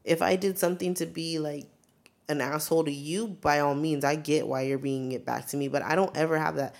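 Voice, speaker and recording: A woman's voice: sits low, fairly even intonation, brisk, creaky, a little mellow. A young adult woman co-hosting a podcast, telling a blunt, profane story in casual chat. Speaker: podcast co-host.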